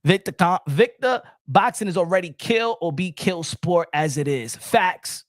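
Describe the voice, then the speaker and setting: A man's voice: high voice, expressive, a little slow, no room sound. Emphatic boxing commentator man, dry sound. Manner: emphatic, repetitive, asks the chat and answers himself. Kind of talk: animated solo commentary to viewers.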